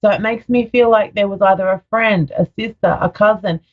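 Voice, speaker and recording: A woman's voice: medium pitch, brisk, narrow, tinny audio. A woman psychic medium giving a live radio reading in a soothing, affectionate way, often calling the caller sweetheart.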